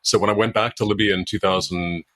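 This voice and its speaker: A man giving halting interview answers as an author and former diplomat, full of fillers and restarts. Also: on the low side, fairly even intonation, a bit bright, dry recording. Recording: dry sound, breaking up at times.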